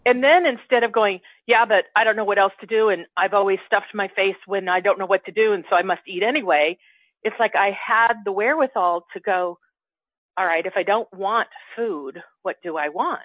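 A woman telling a personal story in casual spiritual chat, acting out her inner dialogue with animated quoted voices. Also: medium pitch, normal speed, dry recording. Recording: dry, tinny phone-like line.

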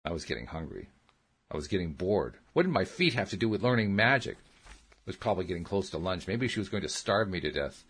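A man's voice: deep voice, sing-song, a little fast, a bit bright, slightly rough. A man reading a first-person story aloud as an audiobook narrator, in a plain, earnest storytelling manner.

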